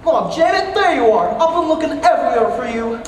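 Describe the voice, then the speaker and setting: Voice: high voice, sing-song, fairly quick, slight background noise. A student on a school stage playing an earnest young groom who pleads with his bride. It is recorded from far off in an echoey hall. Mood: pleading. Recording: echoey auditorium with loud music from far off.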